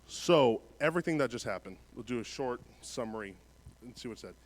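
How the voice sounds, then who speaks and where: A man preaching in a church. He reads scripture aloud, then talks it through casually, swinging between soft passages and louder emphatic ones. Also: medium pitch, lively intonation, a little fast. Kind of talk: sermon.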